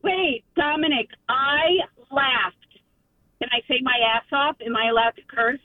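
A woman caller comes through a tinny, narrow phone line with a high, bright voice. She gushes in an excited, breathless rush. The sound is dry, with no room around her. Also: unhurried, no room sound. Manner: gushing, excited, breathless praise. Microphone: telephone.

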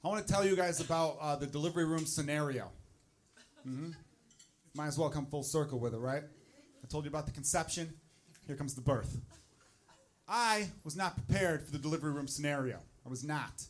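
Crude, exasperated stand-up comedian. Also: male voice, on the high side, a little fast, long pauses.

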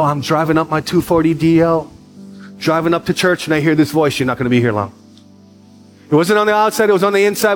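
A middle-aged man preaching as a pastor, telling stories with lively repetition and emphasis. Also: fairly high pitch. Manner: animated storytelling with repetition. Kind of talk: sermon to a youth group.

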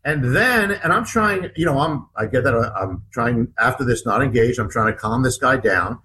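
Bright-voiced man telling a gripping story. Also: medium pitch, expressive, slight background noise, poor audio. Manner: halting, repeats words and restarts often; vivid, acts out what others said. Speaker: author guest. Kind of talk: animated interview storytelling.

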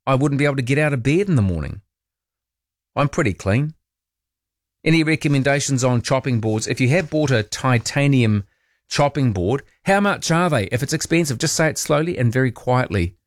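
A man's voice: medium pitch, expressive, normal speed, dry recording. A male talkback host chats through the small hours, wry and full of questions for his listeners. The voice sits close to the mic in a dead, dry studio. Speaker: late-night talk radio host. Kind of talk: casual talkback chat. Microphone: studio microphone.

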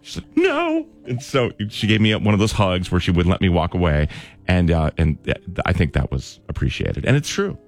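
A man's voice: sits low, expressive, brisk, gravelly, faint music behind. A man co-hosting a casual radio show, telling an earnest story with self-deprecating jokes. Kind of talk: casual morning show chat.

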